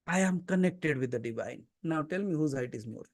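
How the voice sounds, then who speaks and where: A man's voice: a little high, expressive, a little fast, hardly any pauses. A man with an Indian accent, giving a satsang sermon as a spiritual teacher and pressing his listeners with earnest, emphatic questions. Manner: switches into Hindi mid-talk. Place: seated before a gathering.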